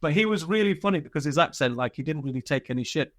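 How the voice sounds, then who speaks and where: A man's voice: fairly high pitch, expressive, fast, a bit bright, no echo, studio quality. A man telling war stories as a podcast guest, candid and laid-back, swearing freely, with lots of fillers and restarts. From Britain. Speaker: guest, army veteran. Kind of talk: casual storytelling interview.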